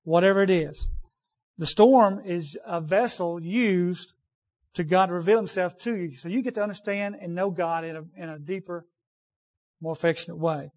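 A man's voice: high voice, normal speed, a little mellow. A man preaching a sermon in a conversational way, repeating key phrases for emphasis and turning to folksy asides with the congregation.

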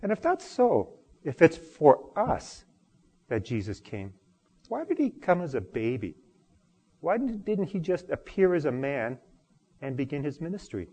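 Pastor, male, husky and lively sermon delivery, church hall reverb. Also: fairly high pitch, a little slow. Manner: expressive, swings from loud emphasis to quiet.

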